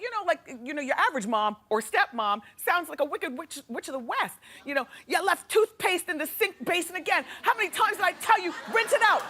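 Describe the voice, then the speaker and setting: A woman hosting a talk show, delivering an animated, sassy gossip monologue to a studio audience. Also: sits high. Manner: animated, chatty and sassy, laughing often. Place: television studio with a live audience. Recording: studio with audience noise behind.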